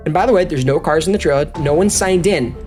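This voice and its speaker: A man telling a story as a podcast guest, animated and excitable, talking straight to the listeners. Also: fairly high pitch, fast talker, soft background music. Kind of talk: casual storytelling.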